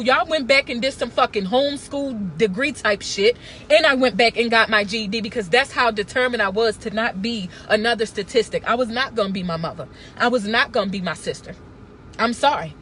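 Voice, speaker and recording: A woman's voice: a little high, brisk, a bit bright, a little hiss or hum. A woman, talking to camera in a blunt, profane, emphatic casual rant. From Baltimore. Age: 30s. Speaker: vlogger.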